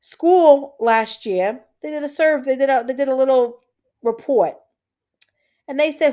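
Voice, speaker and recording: A woman's voice: high voice, normal speed, dark tone. A woman in her thirties hosting a livestream, telling a family story in a chatty way and breaking off to answer her chat. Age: 30s. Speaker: livestream host. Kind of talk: casual chat with live chat viewers.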